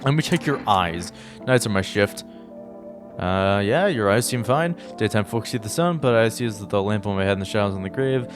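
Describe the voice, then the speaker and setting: A man's voice: lowish voice, animated, normal speed, lightly acted. A man voicing a gloomy, jumpy male gravedigger who works nights and talks wearily. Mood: weary. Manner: weary, fatalistic. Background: game music.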